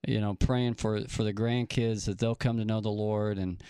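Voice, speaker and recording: A man's voice: fairly low pitch, fairly even intonation, normal speed, mellow, smooth, no room sound. An older man, a pastor hosting an interview, talking effusively with many restarts and fillers. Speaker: pastor and show host. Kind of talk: warm conversational interview.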